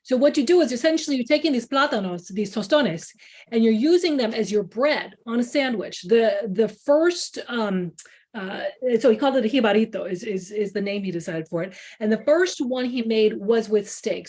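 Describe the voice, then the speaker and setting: Chatty Chicago-accented woman, high voice. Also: expressive, normal speed, a little mellow, husky. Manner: chatty storyteller, acts out quoted people. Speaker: culinary journalist, author. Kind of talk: library book talk over video call.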